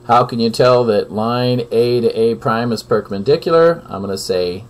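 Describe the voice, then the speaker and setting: A man's voice: mid-range voice, moderate pace, few pauses. A man, a math teacher, working through a recorded geometry lesson, counting steps aloud and checking in with frequent questions.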